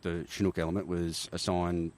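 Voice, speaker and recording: A man's voice: deep voice, level tone, moderate pace, a little mellow. A middle-aged Australian man, a podcast guest and army helicopter veteran, telling stories in a rambling way, restarting phrases and tagging on "right?". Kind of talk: casual interview storytelling.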